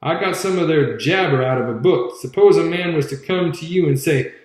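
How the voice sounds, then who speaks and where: A man's voice: a little high, a little fast. A man narrating a novel in a folksy Southern accent. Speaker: audiobook reader. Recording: very echoey room.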